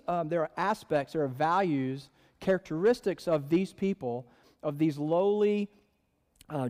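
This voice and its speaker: Brief: male pastor, casual sermon delivery, slightly high voice, long-reverb sanctuary. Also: a little mellow. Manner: conversational, joking asides.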